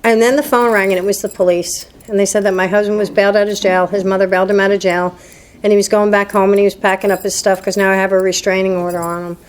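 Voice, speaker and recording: A woman's voice: mid-range voice, level tone, fast. A woman from New Jersey giving a candid, self-deprecating personal testimony to a recovery meeting, laughing at her own past. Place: meeting hall before a live group.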